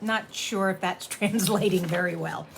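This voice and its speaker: A middle-aged woman hosting a casual card-making tutorial, chatting warmly and laughing as she reads sayings aloud. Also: on the low side, measured pace, creaky, a little hiss or hum.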